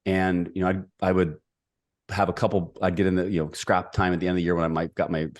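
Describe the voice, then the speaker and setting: A middle-aged man telling a personal story as a podcast guest, energetic and emphatic. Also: sits low, quick pace. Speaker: podcast guest, executive coach.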